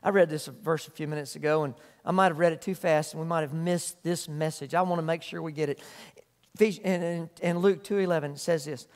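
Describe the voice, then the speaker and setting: A man's voice: on the high side, fairly even intonation, fairly quick, long reverb tail. A man preaching a sermon as a pastor, earnest and emphatic, repeating phrases for weight. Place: church sanctuary.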